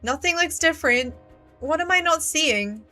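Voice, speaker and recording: A woman streaming a mystery game, talking to herself and her viewers, jumpy and quick to swear when startled. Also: high-pitched, expressive, sharp tone, soft background music. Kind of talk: live game commentary.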